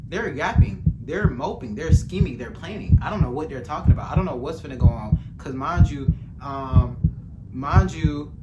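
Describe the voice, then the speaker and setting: A young man telling a casual, animated storytime, acting out quotes and using slang. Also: fairly high pitch, highs cut off, very noisy.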